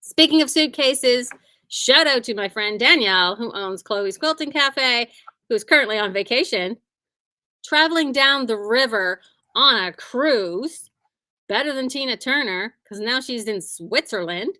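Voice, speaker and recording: A woman's voice: a little high, animated, measured pace, sharp tone, no room sound. A woman who owns a quilting shop, chatting casually and cheerfully about sales in her store, often humming and saying "like". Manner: chatty and upbeat, hums and says "like" often.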